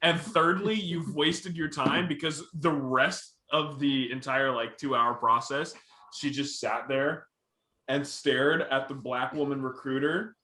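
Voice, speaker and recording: A man's voice: medium pitch, steady tone, a little slow, pushed and bright. A young man co-hosting a casual podcast, telling school stories and laughing often. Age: young adult. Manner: laughing, storytelling. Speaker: podcast co-host. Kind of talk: casual chat. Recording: echoey room.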